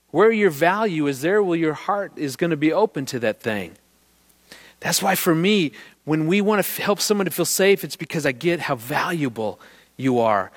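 A middle-aged man giving a talk on marriage, telling a story to an audience and acting out the people in it with lively voices. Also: fairly high pitch. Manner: animated, acts out the people in his story.

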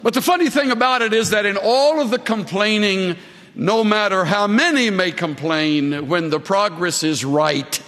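An older man preaching a sermon and telling humorous stories with slow, deliberate emphasis. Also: on the high side, a bit bright. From Southern California. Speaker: pastor. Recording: long reverb of a large hall.

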